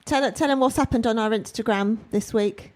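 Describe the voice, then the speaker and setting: A woman's voice: on the high side, normal speed, a little mellow. Dry-voiced woman co-host. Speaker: podcast co-host. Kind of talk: casual chat.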